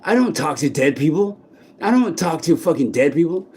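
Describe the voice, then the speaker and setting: Man vlogging outdoors, halting and blunt. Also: fairly high pitch, big pitch swings, darkish tone, breathy edge. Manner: halting, frequent restarts and swearing. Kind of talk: candid personal monologue. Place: outdoors in a city park.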